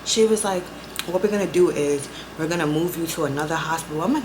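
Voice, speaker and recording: A young woman vlogger telling a story in a casual, profane, animated way, acting out both sides of the conversations. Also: sits low, quick pace, background noise. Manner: profane, animated storytelling with quoted back-and-forth.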